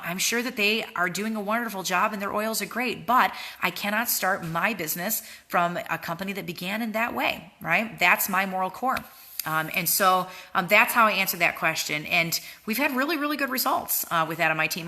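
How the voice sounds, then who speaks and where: A woman's voice: mid-range voice, pushed and bright. A woman leading a motivational training talk for her sales team, earnest and repetitive, often tagging lines with "right?". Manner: earnest, repeats words, frequent "right?" tags. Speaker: network marketing team leader.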